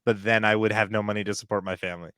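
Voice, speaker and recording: A man's voice: on the low side, flat delivery, very fast, a bit bright, smooth, no room sound, studio quality. A man co-hosting a podcast, chatting casually and ranting with laughs. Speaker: podcast co-host. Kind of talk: casual chat.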